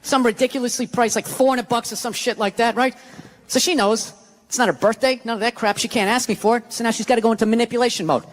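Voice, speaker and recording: A man's voice: very high-pitched, steady tone, quick pace. A man doing stand-up comedy, telling a story in a brash, blunt and profane way on a club stage. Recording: live club with noisy crowd.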